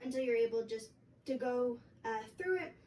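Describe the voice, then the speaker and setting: A woman's voice: a little high, lively intonation, loud music behind the voice. Young woman teaching flute, mic far off. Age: young adult. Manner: casual, halting explanations with many fillers. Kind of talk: instructional music lesson. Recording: distant mic with faint background noise.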